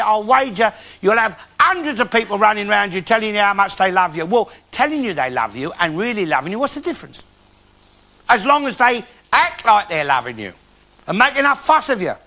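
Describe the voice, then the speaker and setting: An actor playing a bigoted, loudmouthed old working-class Londoner with a Cockney accent, ranting crudely through a stand-up monologue on a theatre stage. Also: male voice, high-pitched, full character voice. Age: older. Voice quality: blustering, crude, opinionated ranting. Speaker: comic character in a one-man stage show. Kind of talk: stand-up comic monologue with audience banter. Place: theatre stage before a live audience.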